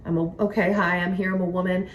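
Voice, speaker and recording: A young woman chatting casually to camera from home in a rambling, excitable way. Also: fairly low pitch, quick pace. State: pregnant, recovering from nausea. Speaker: vlogger. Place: home, indoors by a window. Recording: somewhat distant mic, faint noise.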